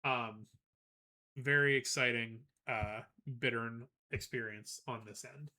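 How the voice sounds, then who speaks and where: A man streaming live, chatting casually and telling a rambling, animated story with frequent laughs, greeting viewers as he goes. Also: mid-range voice, takes it slowly. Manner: greets chat viewers between anecdotes.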